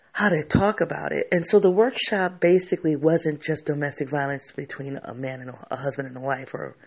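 Candid man with a gravelly voice. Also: on the high side. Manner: candid, reflective, frequent restarts. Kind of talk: personal storytelling monologue.

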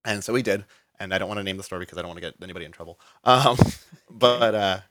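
A man's voice: sits low, fast, fairly bright tone. A man telling a long story as a guest in an interview, rambling with lots of "like" and restarts.

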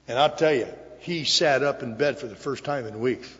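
An older man shares his story before a crowd in a big hall, earnest and emotional, stopping and restarting as he goes. His pitch sits in an ordinary middle range. The recording is dull and lo-fi, with a long reverb tail. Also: moderate pace, few pauses, fairly bright tone. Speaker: recovery meeting speaker. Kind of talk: personal testimony talk. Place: large hall before an audience. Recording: echoey hall, dull lo-fi sound.

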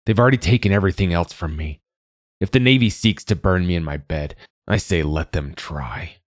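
A man's voice: low voice, normal speed, dry recording, clean studio sound, natural voice. A man voicing a cross, guarded old spinster who talks in curt, snappish lines. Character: old woman, cross, guarded, sharp-tongued.

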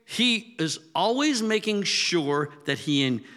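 A man's voice: sits high, very animated, takes it slowly, bright, forceful tone. A man preaching a sermon in a casual, conversational way that builds to emphatic, raised peaks. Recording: long hall reverb.

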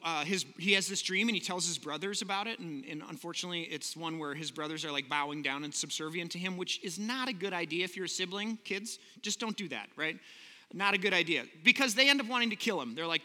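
A man preaching a sermon, retelling scripture casually and slowing down for emphasis. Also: high voice, bright, forceful tone, in a large hall. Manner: casual storytelling, switching to slow emphatic delivery. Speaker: pastor.

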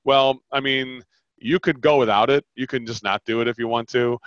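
A man coaching on a podcast, animated and quick, often acting out customer lines as he explains sales talks. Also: medium pitch, dry recording, muffled recording. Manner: animated, fast-talking, acts out customer lines.

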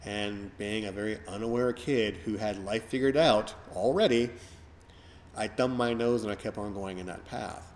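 Rambling middle-aged man hosting, low voice. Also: normal speed, slight background noise. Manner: rambling, reflective, many fillers. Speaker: podcast host. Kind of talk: casual podcast chat.

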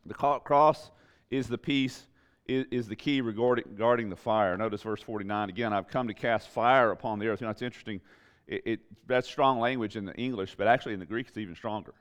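A man's voice: fairly low pitch, fairly quick, clear, resonant tone. A man preaching a sermon as pastor, building emphatic repeated phrases with rising intensity.

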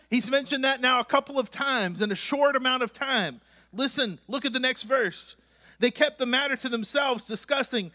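A man's voice: high-pitched, pushed and bright. A male pastor preaching a sermon in a conversational way, reading scripture and adding joking asides.

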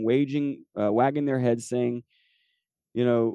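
A man's voice: medium pitch, steady tone, a little slow, long pauses, dark tone, clean tone, dry recording. A man hosting a podcast, teaching from the Bible in a conversational way, often checking in with "okay?" and reading scripture aloud. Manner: reads scripture aloud, correcting himself. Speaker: podcast host and preacher.

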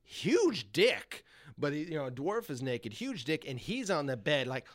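Profane, animated male storyteller. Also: on the high side, measured pace. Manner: profane, animated, laughs often. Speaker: podcast guest. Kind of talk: casual storytelling.

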